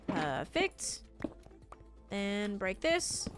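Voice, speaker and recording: A woman's voice: mid-range voice, sing-song, drawn-out words, loud music behind the voice. Chatty woman with an Australian American accent. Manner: chatty, answers chat while narrating her building. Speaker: live streamer. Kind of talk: casual gaming stream chat. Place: home room with her PC.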